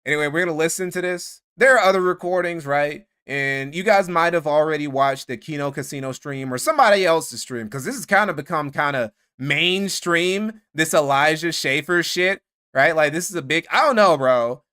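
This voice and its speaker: A man's voice: on the high side, moderate pace, bright, forceful tone, clean tone. A man streaming commentary, swearing freely, mocking his targets and thanking donors. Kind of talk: casual live-stream commentary.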